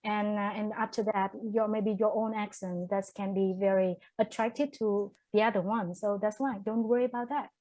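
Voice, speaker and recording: A woman's voice: mid-range voice, fairly even intonation, moderate pace, hardly any pauses, darkish tone, no echo, low-quality recording. Vietnamese-accented woman panelist, hesitant, dry close sound. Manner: hesitant, with restarts. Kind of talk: webinar panel discussion.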